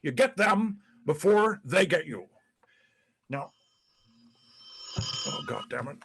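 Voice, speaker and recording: A man's voice: a little high, sing-song, slow, vocal fry, fairly bright tone, a little hiss or hum, heavily acted. An actor playing a disgraced, paranoid older male ex-president in a dramatic monologue, profane and rambling, stammering over repeated words. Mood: scheming, crude.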